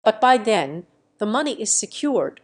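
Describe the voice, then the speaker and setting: Cold scheming dad, calm and flat, menacing under the surface, read by a woman narrator. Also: mid-range voice, a little slow. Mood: offhand. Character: cold scheming middle-aged father. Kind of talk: narrated storytime reading.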